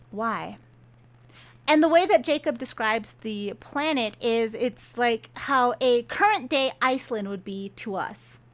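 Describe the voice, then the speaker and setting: Brief: chatty, sarcastic woman reviewer, slightly high pitch. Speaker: book reviewer. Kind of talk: casual rant review.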